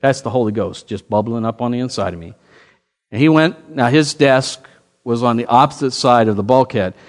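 Animated preaching man. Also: medium pitch, moderate pace, long reverb tail. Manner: animated, rising to emphatic calls. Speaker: pastor. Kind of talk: sermon with storytelling.

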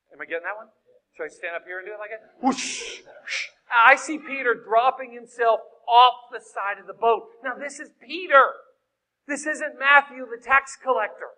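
High, bright-voiced man preaching animatedly. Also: rough recording. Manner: acts out scenes with shouted voices. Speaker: guest preacher. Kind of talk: animated sermon.

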